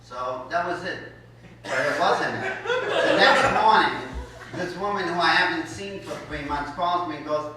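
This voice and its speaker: A man doing stand-up comedy, telling a story with wry deadpan delivery and chuckling at his own lines. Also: high-pitched, takes it slowly, long pauses. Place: live comedy show at a college venue. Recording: echoey hall, mic from far off, noisy.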